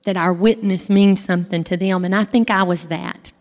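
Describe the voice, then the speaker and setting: A woman's voice: mid-range voice, steady tone, normal speed, a little mellow. Folksy woman giving a testimony. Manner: folksy, chatty, addresses the audience directly. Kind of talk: church testimony to an audience. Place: large hall, speaking from a stage. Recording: echoey hall with long reverb.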